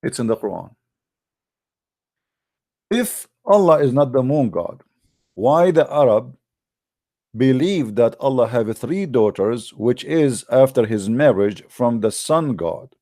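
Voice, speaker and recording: A man's voice: mid-range voice, lively intonation, slow pace, pauses often, warm tone. Emphatic man firing rhetorical questions. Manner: addresses the audience directly as guys; non-native grammar with repeated restarts. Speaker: religious debate speaker. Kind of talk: polemical online talk.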